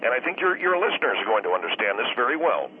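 A man's voice: mid-range voice, sing-song, fast talker. A man calling in as a guest to a radio talk show, speaking earnestly and at length about feeling wronged. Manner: earnest and aggrieved, explains at length. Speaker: call-in guest. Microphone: telephone. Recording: tinny phone line with faint hiss.

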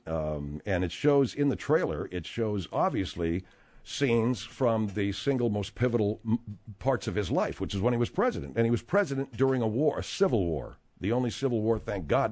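A male talk radio host rambles along, full of fillers, restarts and asides. His voice is lowish and a little mellow.

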